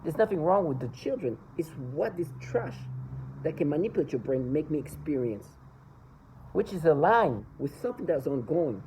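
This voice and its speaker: A woman talking to camera in a personal vlog monologue, earnest and insistent, often halting, repeating words and restarting sentences. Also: deep voice, very animated, mellow, slight background noise, low-quality recording. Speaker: vlogger.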